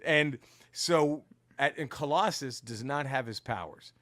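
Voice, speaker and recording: A man co-hosting a casual podcast, retelling comic book plots in an animated, profane way with lots of restarts. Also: medium pitch, measured pace. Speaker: podcast co-host.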